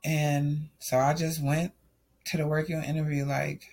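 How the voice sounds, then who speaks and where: A young man tells an emotional story about his own life in a loose, run-on way. He stays candid and open throughout. His voice sits a little higher than most men's. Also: level tone, a little slow, gravelly, a little mellow. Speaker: storyteller sharing a personal testimony. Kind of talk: casual personal storytelling.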